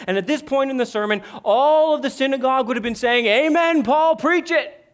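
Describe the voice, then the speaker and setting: High-voiced preacher man, emphatic. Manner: emphatic, rising and dropping to a hush. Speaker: pastor. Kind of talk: sermon.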